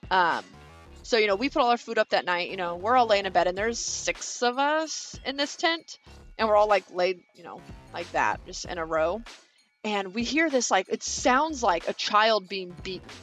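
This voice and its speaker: A woman's voice: mid-range voice, animated, moderate pace, fairly bright tone, soft background music. A woman in her thirties from Kansas, chatting casually with viewers and telling a long rambling story with lots of fillers and casual swearing. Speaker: vlogger. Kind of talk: casual chat while building.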